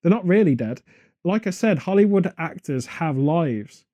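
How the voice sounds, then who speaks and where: A man rambles from one absurd idea to the next in a deadpan comic chat. His voice is mellow and a touch high for a man. It is recorded close and dry, with no room sound. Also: moderate pace, no room sound. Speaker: podcast co-host.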